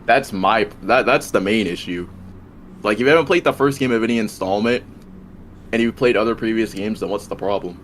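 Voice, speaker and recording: A man's voice: lowish voice, a little fast, slight background noise. A man making a rambling, repeating case in a casual debate over a voice call. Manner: rambling, repeats and restarts while arguing.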